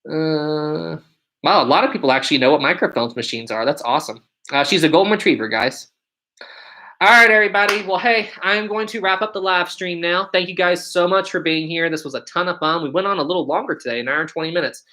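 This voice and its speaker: Young man in his twenties, livestream host, bright and upbeat, chatty, grateful to the chat. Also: a little high, fairly quick, low-quality recording. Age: 20s. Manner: upbeat, chatty, thanks viewers often. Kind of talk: casual live-stream chat answering viewer questions.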